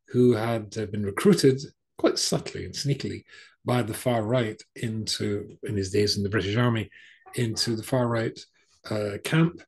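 A man's voice: fairly low pitch, darkish tone, slightly rough. A middle-aged man giving a storytelling sermon as a rabbi, conversational, with frequent ums and restarts.

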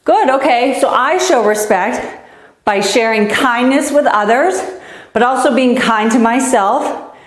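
A woman's voice: on the high side, measured pace, roomy sound. A woman coaching a youth tennis class in an upbeat, encouraging way, counting down and cheering the kids on as she exercises. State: out of breath. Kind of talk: energetic live-stream fitness coaching.

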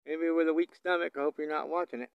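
A man filming cattle outdoors on a hillside, coaxing and calling to the animals in a high sing-song voice, then talking casually to the camera. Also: fairly even intonation, quick pace, creaky, clear, resonant tone, no echo, lo-fi sound. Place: outdoors in a hilly pasture.

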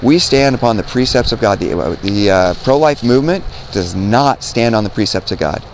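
A man's voice: lowish voice, lively intonation, normal speed, slight background noise. A man preaching earnestly outdoors to young people, repeating himself, quoting scripture and asking "right?". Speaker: street preacher. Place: outdoors by a road.

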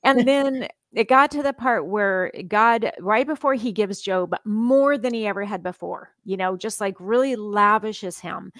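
Earnest, animated woman podcast guest. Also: mid-range voice, a little slow, few pauses, no room sound. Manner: animated, laughs often, earnest storytelling. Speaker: podcast guest, psychologist and author. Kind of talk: casual conversational interview.

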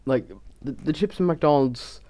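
A young Minecraft YouTuber rambles casually over a game time lapse, stuttering and poking fun at himself. His voice is a little high, mellow, and a little slow.

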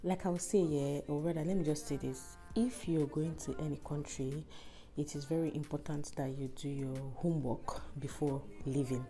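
Travel vlogger, female: low, warm, slightly worn voice, rambling casual chat to camera from a house. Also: steady tone, normal speed, faint music behind. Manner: chatty, rambling, laughs between thoughts. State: tired, rough-voiced. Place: indoors in a house.

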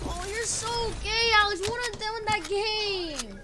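Woman gamer, trash-talking, swearing, high-pitched, noisy stream audio. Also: unhurried, hardly any pauses. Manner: loud, profane trash-talking. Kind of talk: live game-stream chatter.

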